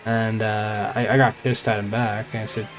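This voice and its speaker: A man's voice: on the low side, little pitch movement, normal speed, soft background music. A man streaming a game who tells a story in a rambling, casual way, full of fillers and repeated phrases.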